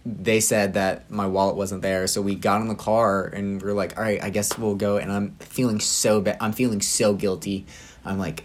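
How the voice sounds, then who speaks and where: A man's voice: fairly low pitch, steady tone, moderate pace. A young man co-hosting a podcast, telling a story in a rambling, laughing way with many fillers. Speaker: podcast co-host. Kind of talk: casual chat.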